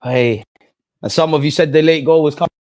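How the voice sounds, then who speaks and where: A young man hosting a live football watch-along, swinging between low muttering and yelling at the referee. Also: fairly quick. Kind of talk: live match reaction.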